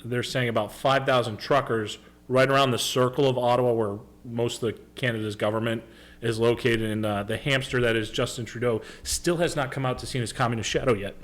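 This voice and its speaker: A man co-hosting a podcast, chatting casually in a mocking, animated way. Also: mid-range voice, fairly quick. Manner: mocking, animated, laughs often. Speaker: podcast co-host. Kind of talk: casual political chat.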